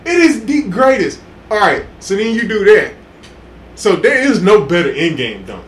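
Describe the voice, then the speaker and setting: Man, high voice, very animated, excitable storyteller, casual podcast chat, echoey room. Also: normal speed. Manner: excitable storytelling, loud laughs and acted quotes. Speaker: podcast co-host. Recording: echoey room with faint hiss.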